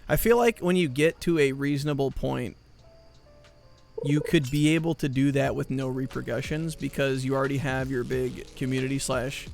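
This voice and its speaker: A man's voice: medium pitch, steady tone, moderate pace, creaky, darkish tone, soft background music. A man streaming live, chatting with his viewers in a rambling, joking, mock-exasperated way. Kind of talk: casual chat with viewers.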